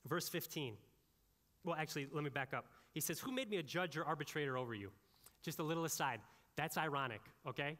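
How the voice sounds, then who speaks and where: A male pastor preaching a sermon, with animated, conversational delivery and frequent asides to the congregation. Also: a little high, fairly quick, long reverb tail.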